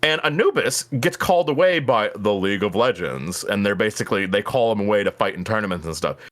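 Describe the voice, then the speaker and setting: A man streaming live, chatting casually and ranting in an animated way, with plenty of swearing. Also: fairly low pitch, quick pace. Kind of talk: casual chat.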